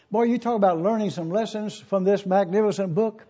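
Male preacher in his eighties, high warm voice, emphatic and repetitive, on a muffled lo-fi recording. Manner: emphatic, repeats key questions slowly. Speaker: pastor. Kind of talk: sermon. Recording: dull lo-fi recording.

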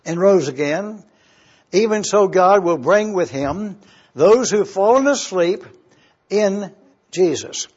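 A male pastor delivers a teaching sermon, walking slowly through each word of scripture and spelling out the original Greek. His voice sits high for a man. The recording is dull and lo-fi. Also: darkish tone, husky. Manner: slow, deliberate Bible teaching, spelling out Greek words.

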